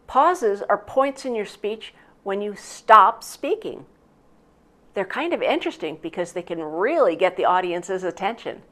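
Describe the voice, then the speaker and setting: A woman teaching public speaking in an instructional narration, expressive and clear as she shifts her loudness and pitch to show each point. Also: a little slow.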